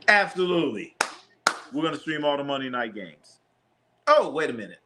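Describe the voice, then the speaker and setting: A man's voice: a little high, sing-song, normal speed, noisy background. A man hosting a live basketball watch party, calling plays casually, reading chat questions and joking with viewers, often repeating himself. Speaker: sports watch-party streamer.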